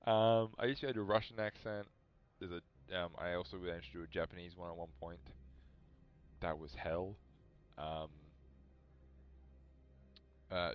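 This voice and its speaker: A man's voice: deep voice, muffled recording. A man chatting casually while streaming a video game, rambling and poking fun at himself. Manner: rambling, self-mocking, chatty. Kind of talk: casual live-stream chat.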